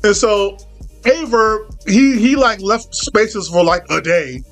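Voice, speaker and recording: A man with a high-pitched voice telling a comedic story, rambling and profane, constantly restarting his sentences and slipping into quoted dialogue. Faint music plays behind him. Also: takes it slowly, a bit bright.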